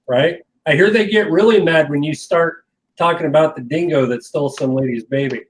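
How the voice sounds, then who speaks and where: A man co-hosting a casual podcast chat, cracking dry jokes and tossing in quick questions. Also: on the high side, a little hiss or hum, rough recording. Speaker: podcast co-host.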